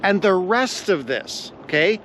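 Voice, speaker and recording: A man's voice: sits high, expressive, a bit bright, a little hiss or hum. Earnest man giving devotional teaching. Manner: earnest, deliberate, repeats key phrases. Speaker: Bible teacher.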